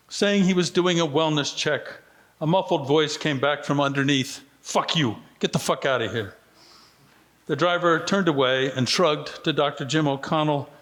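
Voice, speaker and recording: Author reading at a literary event, male, slightly raised pitch, steady measured delivery. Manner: measured reading, brief lively voicing of quoted lines. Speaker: author reading from his book. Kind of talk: book reading at a festival. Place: festival venue.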